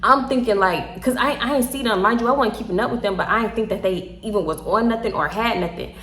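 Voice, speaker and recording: A woman's voice: medium pitch, fast talker. A young woman with a Houston accent, a little tipsy, telling a story casually and acting out the quotes, with frequent laughs and swearing. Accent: Southern US, Houston. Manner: animated, laughs often, swears freely, acts out quotes. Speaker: storytime vlogger. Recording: echoey room.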